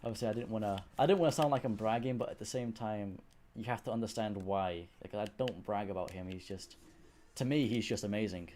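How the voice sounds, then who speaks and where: A man's voice: on the low side, brisk, a little mellow. A young man with a mixed Yorkshire and South Wales accent, chatting casually with viewers on a live stream, rambling and swearing freely. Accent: mix of Yorkshire and South Wales.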